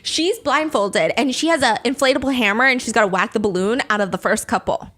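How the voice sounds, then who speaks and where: A woman hosting a casual storytelling recap, animated, laughing often and swearing casually. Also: fairly high pitch, brisk. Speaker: host.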